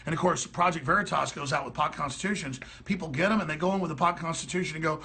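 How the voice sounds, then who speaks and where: A man giving mocking political commentary over video clips, often breaking into shrill parody voices. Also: racing, few pauses, pushed and bright. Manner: gravelly, mocking, switches into shrill mimicking voices. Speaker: talk show host.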